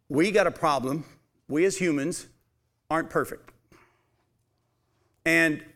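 A man's voice: on the high side, a bit bright. A man preaching a sermon, reading Bible passages aloud and putting emphatic questions to his listeners. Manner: emphatic, asks the audience questions.

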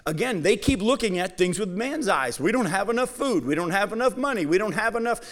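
A man preaching a Bible-teaching sermon, speaking directly to his congregation and reading scripture aloud with slow emphasis. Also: high-pitched. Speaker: pastor.

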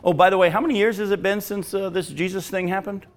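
A man's voice: high-pitched, fairly even intonation, fast talker. Earnest, emphatic male preacher. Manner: earnest, emphatic, reads devotional text aloud. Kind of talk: sermon.

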